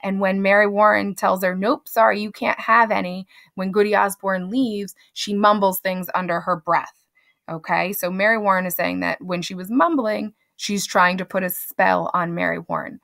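A woman's voice: mid-range voice, steady tone, normal speed, gravelly, fairly bright tone. A woman teacher casually summarizing a literary text for students in a conversational, chatty way. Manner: conversational, chatty, with fillers and asides. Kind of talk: casual spoken lesson summary.

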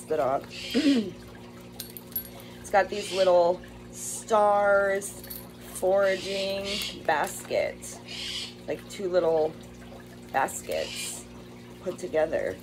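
A woman's voice: medium pitch, animated, takes it slowly, rough recording. A woman chatting casually while unboxing bird toys, gushing over them and talking to her pet birds at home. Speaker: bird rescue vlogger.

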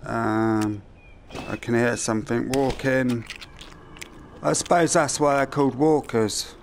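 Slow, gravelly man playing a game. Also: medium pitch, steady tone, slight background noise. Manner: thinking aloud, muttering to himself. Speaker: gamer. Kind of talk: let's-play commentary.

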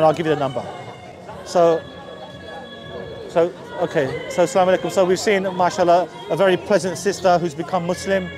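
A man from East London with a Cockney accent, preaching earnestly outdoors and often restarting his sentences. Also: high voice. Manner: earnest, repetitive, frequent restarts. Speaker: street preacher. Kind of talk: persuasive street preaching. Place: outdoors on a busy city street. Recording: busy street crowd noise.

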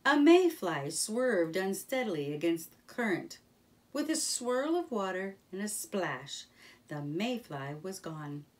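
A woman reading a children's storybook aloud in a gentle, expressive manner. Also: medium pitch, takes it slowly, distant mic.

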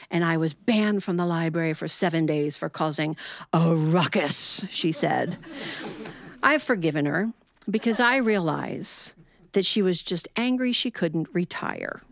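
A middle-aged woman telling a personal story in an animated way, acting out the voices in it. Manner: lively, animated, acts out quotes with big pitch jumps. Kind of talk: personal story told to an audience.

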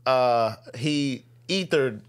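A man's voice: mid-range voice, drawn-out words, smooth. A young man, a podcast guest, telling a story in slangy casual speech and acting out what others said in raised voices. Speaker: guest, rapper and army veteran. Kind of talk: animated storytelling. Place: podcast studio.

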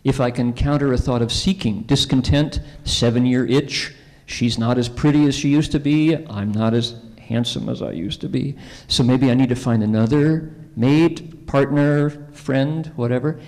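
A man's voice: medium pitch, normal speed, darkish tone. A male Buddhist monk giving a conversational conference talk, telling stories and asking the audience questions. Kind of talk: conference Dharma talk with storytelling. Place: convention centre hall. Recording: long hall reverb.

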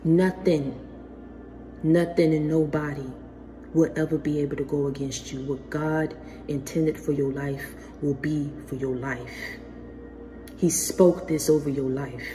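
Deep-voiced woman giving a spiritual pep talk. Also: steady tone, measured pace, warm tone, faint music behind. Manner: earnest, slangy, calls listeners baby. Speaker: spiritual motivational speaker.

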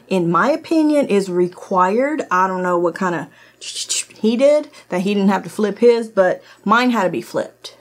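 In her home office, a woman with a mid-range voice hosts a casual product review vlog, speaking straight to viewers. English isn't her first language; she's blunt, laughs a lot, and swears freely while testing a kitchen gadget.

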